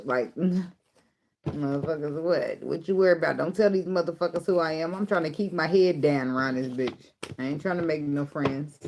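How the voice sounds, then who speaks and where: A woman's voice: deep voice, normal speed, darkish tone. A woman giving a casual tarot reading, blunt and profane, often breaking into laughter. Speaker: tarot reader.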